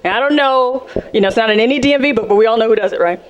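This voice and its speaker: A woman from South Central Los Angeles performing a sassy, animated stand-up set, jumping into character voices. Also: on the high side, racing, dull audio, slight background noise. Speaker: stand-up comedian. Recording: live club set with loud audience laughter. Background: audience laughing.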